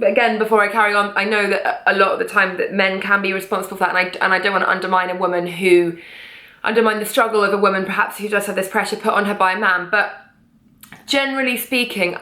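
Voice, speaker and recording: A woman's voice: medium pitch, sharp tone. A woman vlogger talking to camera about her book, chatty and passionate, swearing casually. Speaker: vlogger and author. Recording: echoey room.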